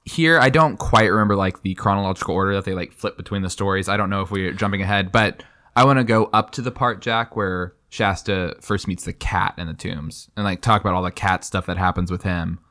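Young male co-host, very low voice, eager and rambling, book talk. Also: fairly quick, sharp tone. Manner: enthusiastic, rambling, lots of fillers. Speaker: podcast co-host. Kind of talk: casual book discussion.

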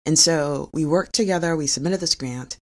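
A woman's voice: deep voice, normal speed, darkish tone. A middle-aged woman, a physician and researcher, telling a personal story in an earnest, confessional way with small laughs.

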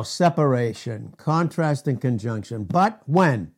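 A middle-aged man preaching a sermon as pastor, emphatic, asking rhetorical questions and swinging from loud to hushed. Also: medium pitch, animated, moderate pace.

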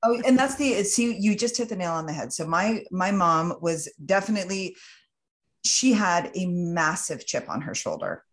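A woman's voice: on the low side, animated, moderate pace. A woman hosting a podcast in casual chat, speaking earnestly and emphatically, with frequent fillers. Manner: earnest and emphatic, many fillers like "you know, like".

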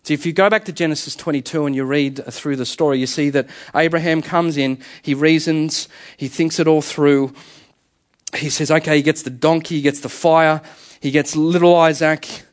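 A man's voice: on the high side, fairly even intonation, normal speed. A man preaching a sermon, telling stories earnestly and animatedly with frequent restarts.

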